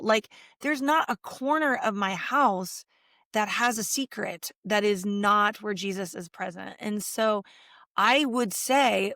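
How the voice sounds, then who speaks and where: This middle-aged woman, a Catholic author and speaker, chats as a guest in a conversational interview with a medium-pitched voice. The recording is dry and cleanly studio-made, and her storytelling is animated, full of acted-out quotes.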